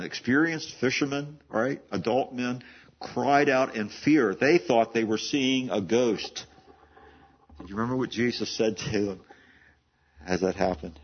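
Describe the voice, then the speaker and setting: A pastor in his seventies preaches a conversational, story-driven sermon, often restarting phrases and laughing. His mid-range voice has a breathy edge, and the audio is dull.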